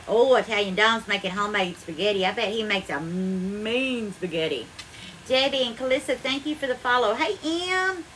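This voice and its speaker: A woman from Alabama, Southern accent and all, streams a casual cooking session live from her home kitchen. Her mid-range, slightly bright voice keeps a moderate pace over faint background noise as she effusively greets viewers by name, calling them darling in bubbly sing-song tones.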